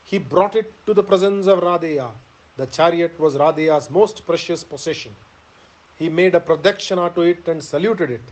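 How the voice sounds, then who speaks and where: A man's voice: fairly high pitch, normal speed, a little mellow, poor audio. Solemn male reader of an epic. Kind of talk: scripted epic narration.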